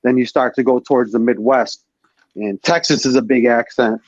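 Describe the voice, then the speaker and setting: A man's voice: mid-range voice, steady tone, normal speed, dry recording. A laid-back man with a New York accent chats casually and explains things loosely. The sound is dull and lo-fi, with a dry, close feel. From New York area, USA. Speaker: live stream host. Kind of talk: casual chat.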